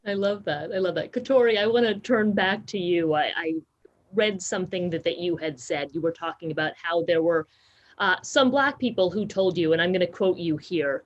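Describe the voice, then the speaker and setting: A woman host moderating a roundtable, asking her questions in a measured way. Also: lowish voice. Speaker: interviewer host. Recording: dull lo-fi sound.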